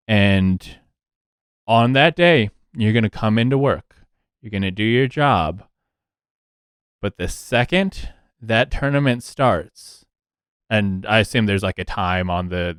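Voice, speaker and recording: A man's voice: lowish voice, clean tone, no room sound, clean studio sound. A man voicing an earnest male union organizer rallying workers in a tabletop game, speaking in short rousing sentences.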